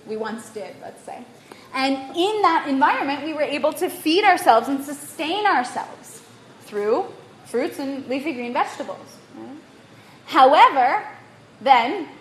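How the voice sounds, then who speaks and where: Woman presenter, slight foreign accent, high voice, engaging lecture style, echoey room recording. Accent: non-native accent. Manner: animated, quizzes the audience, frequent "right?". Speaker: workshop presenter. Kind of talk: lively lecture to a live audience. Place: room in Bali. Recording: echoey room, faint room noise.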